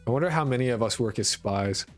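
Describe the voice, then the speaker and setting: Speaking at a quick pace with an expressive, medium-pitched voice, this rural Connecticut man blends New York, Boston and Connecticut into his accent. He's on a game dev live stream, chatting casually, rambling, swearing and poking fun at himself, with soft music in the background.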